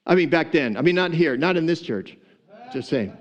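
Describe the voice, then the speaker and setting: Humorous preacher telling a story. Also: male voice, on the high side, lively intonation, measured pace, muffled recording. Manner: humorous, laughs often, acts out the story. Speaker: pastor. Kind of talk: sermon storytelling.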